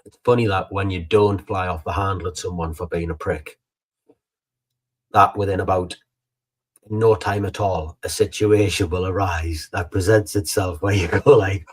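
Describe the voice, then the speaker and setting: A man's voice: deep voice, fairly even intonation, moderate pace, breathy edge. A man co-hosting a casual podcast chat, talking bluntly and with a teasing edge. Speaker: podcast co-host.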